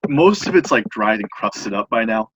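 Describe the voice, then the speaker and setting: Young man, casual storyteller, husky, dry close sound. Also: lowish voice, normal speed, dry recording, rough recording. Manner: animated, laughing storyteller acting out quoted voices. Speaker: podcast guest telling a story.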